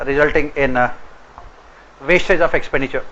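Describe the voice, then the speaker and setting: A man teacher with an Indian English accent, lecturing a class and repeating each point slowly so students can write it down. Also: on the high side, fairly bright tone, muffled recording, slight background noise. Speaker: exam coaching teacher.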